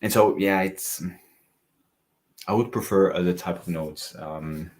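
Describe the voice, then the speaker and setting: Very low-voiced man reviewing fragrances. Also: measured pace, darkish tone. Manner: chatty, reads live chat comments aloud. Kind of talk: casual livestream review.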